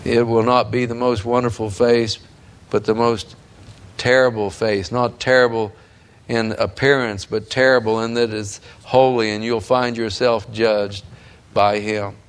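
A man's voice: mid-range voice, flat delivery, unhurried, clear, resonant tone. A man preaching a sermon in a fervent, emphatic way that builds in intensity.

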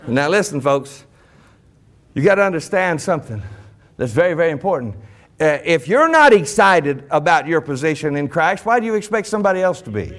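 A middle-aged man preaches with a high, swooping voice that leaps around constantly. He talks in a folksy, animated way and often breaks into shouted bursts. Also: fairly quick. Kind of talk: sermon.

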